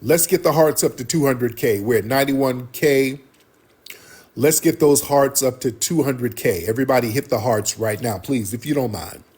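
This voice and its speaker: A man's voice: mid-range voice, moderate pace, darkish tone, slightly rough. A man hosting a livestream, giving heated, blunt, profane commentary to his viewers. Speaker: livestream host.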